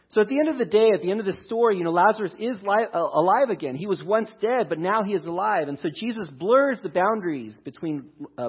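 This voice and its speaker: A pastor preaching a conversational sermon, talking through a scripture passage. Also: male voice, fairly high pitch, husky, dull audio. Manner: conversational, restarts, reads scripture aloud.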